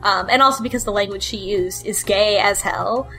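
Bright-voiced woman rambling in casual chat. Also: mid-range voice, moderate pace, soft background music. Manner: hesitant, many fillers and giggles. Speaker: book club panelist.

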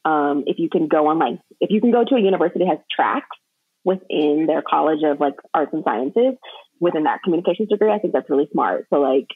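Young woman, podcast guest, husky low voice, chatty, phone-like sound. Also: expressive, fast talker, no echo. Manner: chatty, lots of fillers, laughs easily. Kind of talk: casual chat. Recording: tinny phone-like line.

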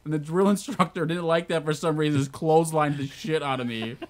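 A man's voice: fairly high pitch, fairly even intonation, a little fast. A man from small-town Wisconsin, swearing and laughing through casual stories about military training. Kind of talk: casual podcast chat.

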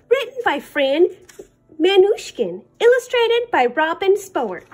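A woman librarian reading a children's picture book aloud in an expressive, sing-song way. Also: very high voice, measured pace. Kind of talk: storybook read-aloud.

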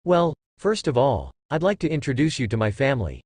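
A man's voice: medium pitch, big pitch swings, brisk, darkish tone, no echo. A man voicing a smug, commanding primordial creator god. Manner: smug, intimidating.

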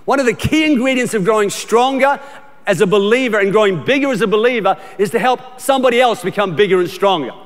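A man's voice: sits high, quick pace. A middle-aged Australian man preaching a sermon as pastor, emphatic and repetitive, often restarting his sentences in a conversational way. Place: large church auditorium. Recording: long church hall reverb.

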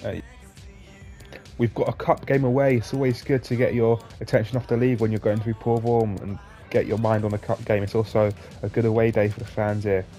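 Excitable sweary gamer man. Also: fairly low pitch, a little fast, soft background music. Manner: excitable, sweary, swings from shouting to flat grumbling. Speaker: gaming YouTuber. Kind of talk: live gameplay commentary.

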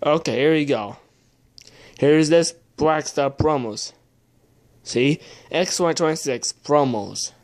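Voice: medium pitch, slow, darkish tone. A young adult host muttering casual commentary while opening trading card packs, often swearing in frustration.

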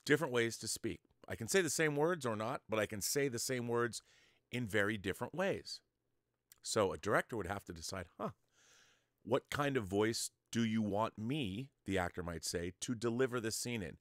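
A man's voice: mid-range voice, lively intonation, brisk, a bit bright, dry recording, clean studio sound. A man hosting an online show, explaining film-making to his viewers in a lecturing, conversational way. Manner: talks straight to the viewer, lecturing with examples. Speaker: host.

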